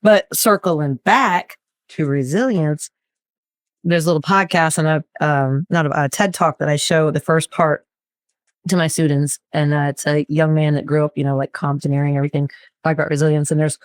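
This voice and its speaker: A woman's voice: low-pitched, fairly even intonation, normal speed, dry recording, studio quality. A woman therapist co-hosting a casual podcast chat, talking animatedly and acting out her clients' voices. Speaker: therapist and co-host.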